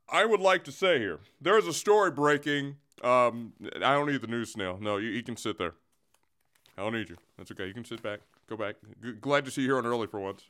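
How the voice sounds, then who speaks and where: A man's voice: mid-range voice, fairly bright tone. A man hosting a comic sports segment, rambling and boastful in a mock-grandiose way, with lots of restarts. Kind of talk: comedic sports rant.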